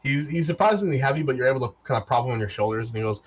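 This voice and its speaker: Husky-voiced man running a tabletop game. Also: mid-range voice, very fast, few pauses. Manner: relaxed, with frequent repeated words and fillers. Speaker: game master. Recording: dull lo-fi mic.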